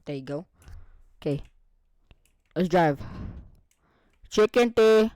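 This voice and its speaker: A man playing a video game and commenting on it, excitable and frantic, often shouting out in bursts and talking to himself in casual slang. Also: sits high, slow pace. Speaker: gaming video creator.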